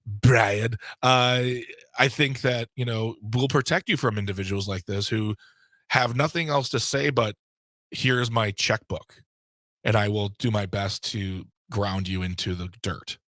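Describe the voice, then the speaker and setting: A man's voice: fairly low pitch, measured pace, a bit bright, no echo. A man co-hosting a radio show from a studio, talking casually and passionately, rambling with fillers and restarts. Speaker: board operator and co-host. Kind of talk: casual talk radio chat. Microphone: studio microphone.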